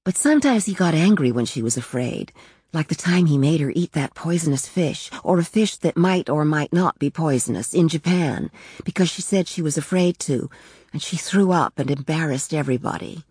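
Female story reader: low, husky, calm, dry close sound. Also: normal speed, dry recording. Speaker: narrator. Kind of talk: reading a short story aloud.

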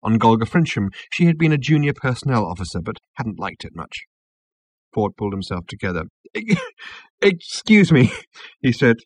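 A man narrating a comic novel as an audiobook, with a wry, expressive delivery. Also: on the low side, fairly quick, slightly rough, no room sound.

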